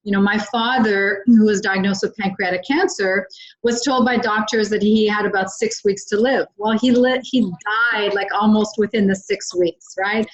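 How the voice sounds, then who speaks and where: A woman's voice: medium pitch, steady tone, normal speed, highs cut off. A woman hosting a podcast, talking in a loose, conversational way while she asks her guest questions. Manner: conversational, with frequent "you know". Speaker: podcast host. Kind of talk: interview questions and comment.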